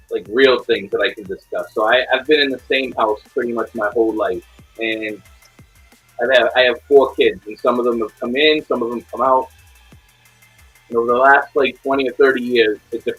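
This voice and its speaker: A middle-aged man hosting a podcast, recounting a story in a halting, earnest way with many restarts. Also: medium pitch, fairly even intonation, fairly bright tone, breathy edge, soft background music, low-quality recording. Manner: halting, repeats words, earnest. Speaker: podcast host. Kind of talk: casual podcast chat.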